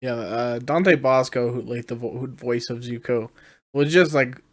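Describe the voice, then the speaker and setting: A man co-hosting a podcast in casual chat, relaxed and quiet, laughing easily. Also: mid-range voice, a little slow, dry recording. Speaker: podcast co-host.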